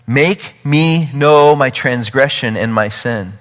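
Male pastor, sermon, emphatic and urgent, bright forceful voice, echoing hall. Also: medium pitch, takes it slowly. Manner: emphatic, repeats words, rising to urgent peaks.

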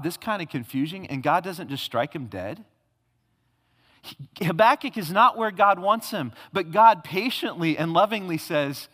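A man's voice: fairly high pitch, a bit bright. Emphatic preacher man in a reverberant hall. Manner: emphatic, with rhetorical questions and repetition. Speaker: pastor. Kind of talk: sermon.

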